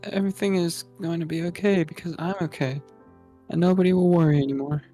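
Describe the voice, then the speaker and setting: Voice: medium pitch, fairly even intonation, fast, dark tone, faint music behind, voice pushed up, close to an everyday voice. Sayori, read aloud as a fragile forced-cheerful girl. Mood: pleading. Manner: plain reading with little acting. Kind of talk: reading game dialogue aloud.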